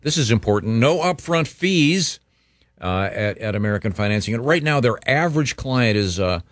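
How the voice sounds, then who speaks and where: A radio host talks through a sponsor read in a loose, chatty way, full of fillers. His voice sits low, and the studio sound is dry and close. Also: fast talker, no room sound. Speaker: radio show host reading a live ad. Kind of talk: casual radio banter and live-read ad.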